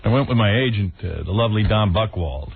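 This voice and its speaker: A man's voice: fairly low pitch, lively intonation, a little fast, creaky. A man hosting a radio show, telling crude, mocking stories in a brash, profane, rambling way. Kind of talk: crude rambling storytelling chat. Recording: tinny phone-like radio broadcast.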